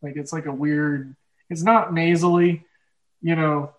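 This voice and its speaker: A young Oklahoma man hosts a casual podcast, his Midwestern accent coming through a rough recording. His pitch is fairly high and his tone steady, and he talks a little slowly, rambling with plenty of fillers and laughing often.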